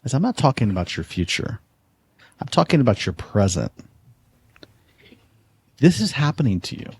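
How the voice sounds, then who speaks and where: A man's voice: medium pitch, sing-song, normal speed, a little mellow, breathy edge, no echo. A man hosting a podcast, telling a story in an earnest, conversational way, often repeating words as he restarts a thought. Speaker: podcast host.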